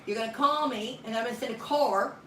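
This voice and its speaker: A woman's voice: on the high side, fast, fairly bright tone. A woman ministry leader on a phone call, talking firmly and bluntly while pleading. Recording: roomy room, distant mic, faint noise.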